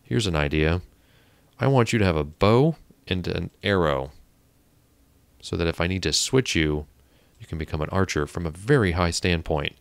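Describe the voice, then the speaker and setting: Deep gravelly man narrating his gameplay. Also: animated, moderate pace, no echo. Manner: muttering to himself, exasperated at game characters. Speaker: gameplay commentator. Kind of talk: casual let's-play commentary. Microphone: desk mic on a stand.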